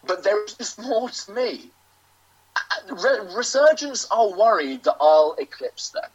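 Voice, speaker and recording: A British man, a professional wrestler, delivering a grandiose, self-aggrandizing in-character promo with theatrical pauses. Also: sits high, expressive, husky. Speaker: professional wrestler, interview guest. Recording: lo-fi dull audio.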